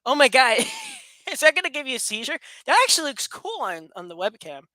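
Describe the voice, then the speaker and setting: Woman, somewhat high voice, bright tone, playful, sarcastic, rambling, webcam at home. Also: very animated, brisk, dry recording. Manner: playful, rambling, laughs often, jokes sarcastically. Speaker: vlogger. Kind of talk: casual chat to camera. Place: room at home with a fast fan running.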